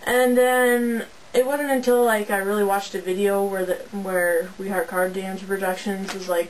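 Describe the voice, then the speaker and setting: A woman's voice: mid-range voice, fairly even intonation, moderate pace, few pauses, slight background noise, poor audio. A young woman from Canada, a teenage fan club moderator, chatting in a bubbly, rambling way into a camera's built-in mic at home. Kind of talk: casual webcam vlog.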